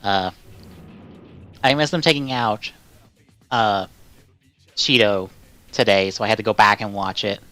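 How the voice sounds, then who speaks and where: A man hosting a live stream in casual chat, rambling with lots of filler words and swearing, and breaking into loud exasperated outbursts. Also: on the low side, fairly even intonation, unhurried, long pauses, soft background music. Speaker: stream host.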